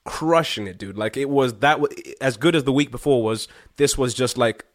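A man from Zimbabwe tells a story as a guest musician in a casual chat. He talks in an animated, slangy way, full of fillers and the odd curse. His voice sits at a middle pitch, and the sound is dry and close, with no room echo. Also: moderate pace. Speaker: guest singer-songwriter.

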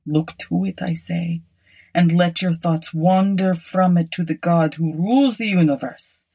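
A woman voicing an old male prophet who delivers solemn warnings slowly and gravely. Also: fairly low pitch, steady tone, mellow.

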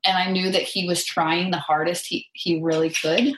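A woman's voice: on the low side, level tone, normal speed, roomy sound, background noise. A woman guest in a casual podcast interview, talking chattily about her business numbers with lots of fillers. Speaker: real estate investor guest.

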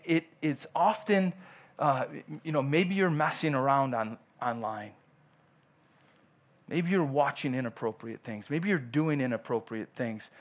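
A male pastor delivering a conversational sermon in church, often acting out quoted dialogue. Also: on the high side.

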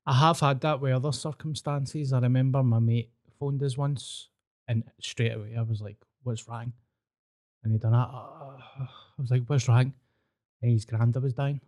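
A Scottish man with a mellow, relaxed timbre tells stories on a podcast. His talk is casual and peppered with swearing. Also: mid-range voice, brisk. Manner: sweary, storytelling. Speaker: podcast host. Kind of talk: casual chat.

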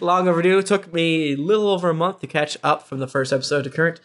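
A man's voice: on the high side, quick pace, noisy background. A man hosting a podcast, reading listener reviews aloud in a casual way with joking asides. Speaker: podcast host.

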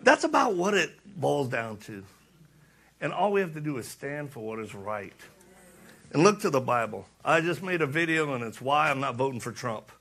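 A middle-aged preacher delivers a passionate sermon in a medium-pitched, sing-song voice that is bright and forceful, at a normal speed. He repeats lines for emphasis and acts out stories with laughter, blending impassioned preaching with storytelling.

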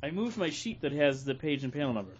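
A man's voice: fairly high pitch, very animated, fast, highs cut off. A man hosting a podcast, bantering loosely and laughing with friends. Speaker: podcast host. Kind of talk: casual podcast chat.

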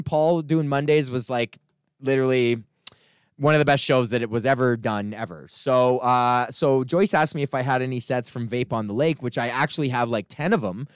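Profane ranting comedian, smooth dry voice. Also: male voice, medium pitch, no echo. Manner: profane, rambling, animated storytelling. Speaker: comedian podcast host. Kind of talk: casual ranting monologue.

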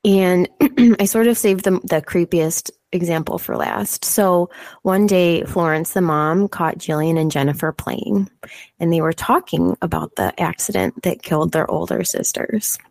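A woman co-hosting a podcast, telling a story in a casual, sweary, animated way. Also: lowish voice, measured pace, vocal fry, dry recording. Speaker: podcast co-host.

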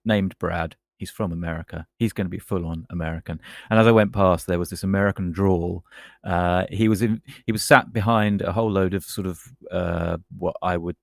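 Low gravelly man, casual podcast chat. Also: fairly even intonation, brisk, dry recording. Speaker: podcast co-host.

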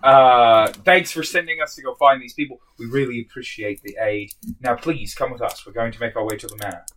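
A man's voice: medium pitch, brisk, a bit bright, rough recording. A man playing a tabletop game, speaking playfully and slipping into a lordly character. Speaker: player. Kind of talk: tabletop role-play, casual.

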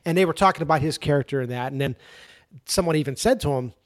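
Male guest, lighter-pitched, lively anecdote teller, dry close mic. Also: quick pace, dry recording. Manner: animated, laughing storyteller. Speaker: podcast guest. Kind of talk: casual chat, telling an anecdote.

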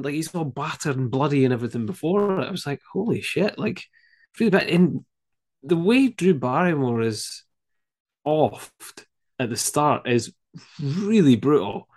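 A man in his thirties, a podcast guest, chatting casually and telling an animated story with lots of fillers and some swearing. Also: on the high side, moderate pace. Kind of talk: casual chat.

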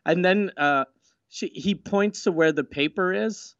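A man's voice: sits high, a little slow, fairly bright tone, dry recording, dull audio. A man co-hosting a podcast with blunt, crude wisecracks and casual stories. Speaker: podcast co-host.

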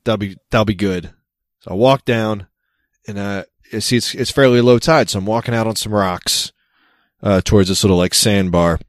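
A man hosting a casual podcast chat over a remote call. He speaks in a crescendo way, starting low and building up. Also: moderate pace, no room sound, studio quality. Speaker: podcast host. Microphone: remote call recording.

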